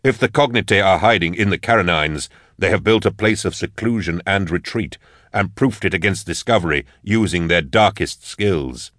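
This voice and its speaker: A man voicing a stern older male inquisitor who speaks slowly and deliberately. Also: sits low, fairly bright tone, no echo, clean studio sound. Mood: grave. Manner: slow, deliberate, grave.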